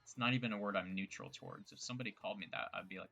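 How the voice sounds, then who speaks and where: A gravelly, bright-toned young man rambles through a casual gameplay session, tossing out jokes and self-mocking asides. His voice sits fairly low with a crisp edge. Faint game music plays underneath. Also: racing. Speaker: gameplay streamer.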